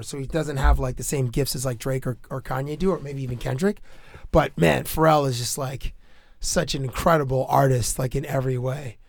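A man hosting a podcast in a casual chat, his voice hoarse after losing it, talking in an animated, playful way. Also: fairly high pitch, dry recording, studio quality. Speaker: podcast host.

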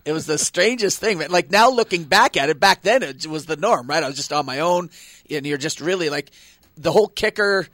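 A Canadian man, a football kicker, chats as a guest on a sports radio show. He tells his stories with plenty of energy and acts out the lines of the people he quotes. His voice sits a little high and sounds dry and close. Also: a little fast, no room sound. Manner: animated storyteller who acts out quotes. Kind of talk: casual radio interview storytelling.

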